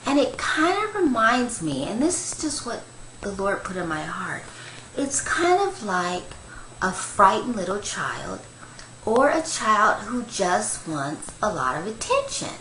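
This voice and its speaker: An older woman, a grandmother, giving a gentle, rambling devotional talk on Christian meditation, with many fillers. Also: mid-range voice, sing-song, unhurried, reverberant, background noise.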